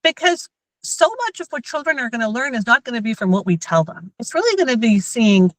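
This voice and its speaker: A woman and mother giving a lively workshop talk on emotional intelligence to parents and teachers. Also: on the high side, a little fast, no echo, rough recording. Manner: lively, acts out everyday scenes in quoted voices.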